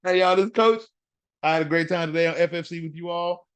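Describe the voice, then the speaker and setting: A man hosting a fantasy football podcast in casual talk, animated and trash-talking, repeating words for emphasis. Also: on the high side, fast, smooth.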